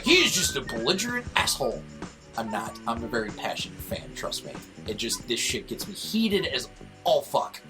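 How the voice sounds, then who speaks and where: A man's voice: fairly high pitch, fairly bright tone, poor audio. A young man rants heatedly on a casual podcast, his voice swinging widely as he swears his way through his points. Faint music sits underneath. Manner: heated, profane, ranting. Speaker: podcast co-host.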